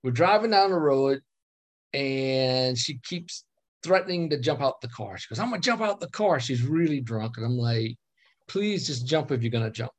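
A man's voice: medium pitch, moderate pace. A man casually telling a personal story on a video call, acting out the dialogue and laughing often. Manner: animated, acts out quoted dialogue, laughs often.

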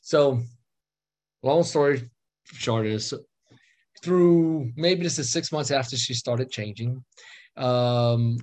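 A man's voice: medium pitch, takes it slowly, long pauses. A man casually telling a personal story on a video call, acting out the dialogue and laughing often. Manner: animated, acts out quoted dialogue, laughs often.

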